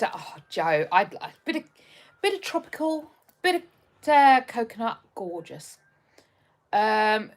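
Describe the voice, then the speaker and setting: A woman's voice: on the high side, fairly bright tone. A young woman from just outside London, hosting a live stream in casual chat, rambling with lots of ums as she reads viewer comments. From just outside London, England. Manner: chatty and rambling, with frequent ums and restarts.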